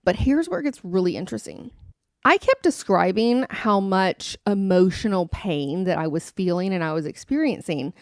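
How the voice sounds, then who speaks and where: A woman's voice: medium pitch, animated, moderate pace, dry recording, clean studio sound. A woman in her thirties hosting a podcast, telling a personal story in an earnest, confiding way. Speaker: podcast host.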